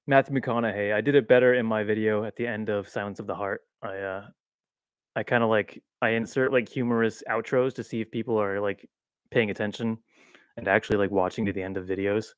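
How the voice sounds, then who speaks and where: A man's voice: fairly low pitch, fairly even intonation, brisk, no room sound. A man hosting a livestream in casual spiritual chat, rambling and self-mocking with frequent laughs, seated in a swivel chair at home. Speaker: livestream host. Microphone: boom-arm mic.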